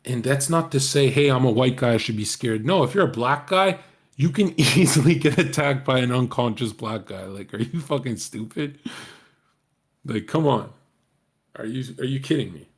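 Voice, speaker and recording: A man's voice: medium pitch, lively intonation, normal speed. A man streaming, rambling through casual commentary to his viewers, profane and joking.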